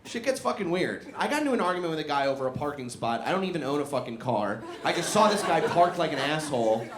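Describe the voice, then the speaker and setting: A man's voice: a little high, very animated, fast talker. A young man performing a profane stand-up comedy set, laughing through his punchlines. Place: comedy club in a barbershop. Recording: echoey room with audience noise.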